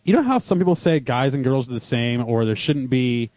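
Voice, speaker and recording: A man's voice: medium pitch, expressive, a little fast, darkish tone, no echo. A young man hosting a casual radio chat show, telling rambling, self-deprecating stories.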